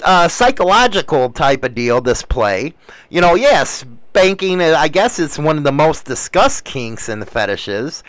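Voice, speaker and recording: Animated, high-voiced older man ranting. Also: a little slow, no room sound, poor audio. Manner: blunt, crude, ranting. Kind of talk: casual profane monologue.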